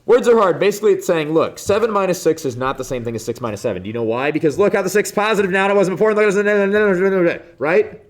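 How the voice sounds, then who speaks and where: A man with a Midwestern accent, teaching a math review lesson in a classroom, animated and joking as he talks through each step. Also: high voice, fast talker, few pauses. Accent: Midwestern American. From Midwestern United States.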